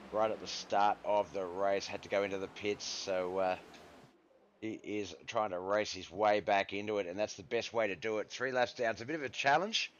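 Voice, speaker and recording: A low-pitched man hosts a live stream, chatting with viewers he calls "brother" while casually commentating on a racing league. The audio has its highs cut off and carries a little hiss or hum.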